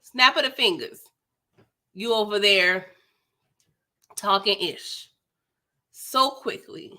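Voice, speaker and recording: A woman's voice: medium pitch, slow pace, pauses often, bright, forceful tone. A young woman giving a sassy, slangy, casual recap of a reality TV episode, full of "like" and "girl".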